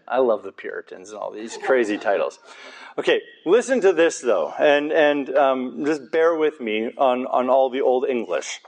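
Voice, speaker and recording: A man's voice: mid-range voice, lively intonation, moderate pace. A man preaching a conversational sermon in a church, earnest and informal, with casual asides to his congregation.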